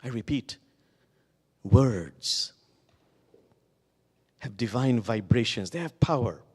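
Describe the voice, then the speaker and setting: A man delivers a sermon in a big hall, and his voice rings on with a long reverb. His pitch moves in wide, lively swings as he tells his stories. He slows down and stretches out the words he wants to land. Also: breathy edge. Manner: slow, lingering emphasis on key words. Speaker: guest speaker at a Sunday service. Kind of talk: sermon with storytelling. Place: church sanctuary.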